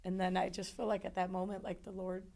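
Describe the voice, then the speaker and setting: Woman, interview guest, gravelly fry in her voice, emotional halting testimony. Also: on the low side, level tone, mellow. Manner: emotional, halting, with many restarts.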